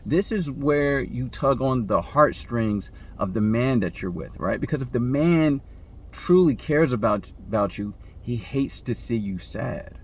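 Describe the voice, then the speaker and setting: Husky and expressive, this man talks at a measured pace while dispensing relationship advice in an easygoing monologue. He often tosses in "right?" and acts out quoted people with sudden pitch jumps.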